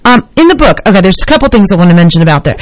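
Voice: mid-range voice, big pitch swings, very fast, no room sound. Host interviewing a phone guest: rambling, encouraging, many fillers, mid-range voice, dry studio sound. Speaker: radio talk show host.

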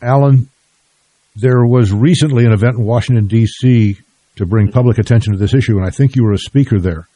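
An older man hosting a radio interview, measured and plain-spoken. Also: medium pitch, dark tone, dry recording. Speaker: radio host.

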